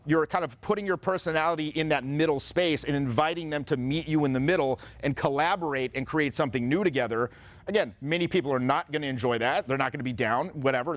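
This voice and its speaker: A male social confidence coach in a casual motivational talk. He tells stories and gives advice in an animated way, with frequent swearing. His voice sits a little high for a man. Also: no echo. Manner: profane, animated storyteller.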